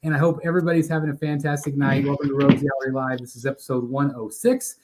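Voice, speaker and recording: A man's voice: medium pitch, little pitch movement, quick pace, background noise. A man hosting a live collectors' show, upbeat and welcoming, a little scattered and out of breath. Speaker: host.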